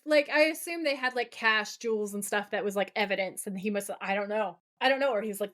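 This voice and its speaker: A woman co-hosting a podcast, recapping a TV episode in casual, animated chat full of laughs and "like" fillers. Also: mid-range voice, fairly quick. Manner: animated, giggly, frequent "like" fillers. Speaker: podcast co-host.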